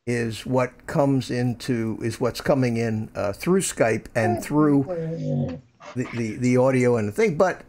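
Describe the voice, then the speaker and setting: A man's voice: medium pitch, unhurried, a little mellow. An older man hosting a casual live stream from home, rambling and repeating words as he talks into a desk microphone. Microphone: desk microphone through a USB mixer.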